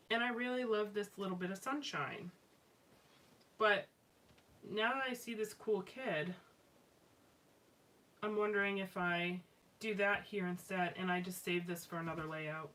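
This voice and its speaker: Her medium-pitched voice is fairly bright as this live-stream craft host scrapbooks on air, talking casually and meandering with plenty of fillers and restarts. Faint background noise comes through a somewhat distant mic.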